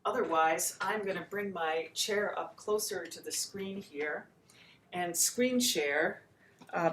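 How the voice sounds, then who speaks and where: A woman teaching a daily chant practice, speaking gently and slowly and breaking into sung chant lines to demonstrate. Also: deep voice, a little hiss or hum. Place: home room with chair, screen share.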